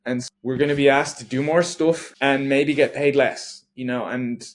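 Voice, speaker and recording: A man's voice: mid-range voice, fairly even intonation, normal speed. A man talking casually on a podcast, rambling through a thought with lots of restarts. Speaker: podcast co-host.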